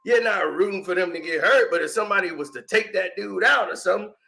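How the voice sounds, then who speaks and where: A man rants through casual sports commentary in a mocking, animated way, laughing often. His voice sits very high, with a gravelly rasp and a bright, sharp edge. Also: fast talker.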